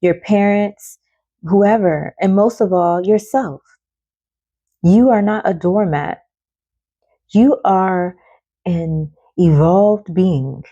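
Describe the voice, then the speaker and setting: A woman talks through an oracle card reading in a relaxed, chatty way, with casual swearing and frequent laughter. Her voice is mellow and warm. The sound is dry and close to the mic. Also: on the low side, slow, pauses often, no room sound, highs cut off.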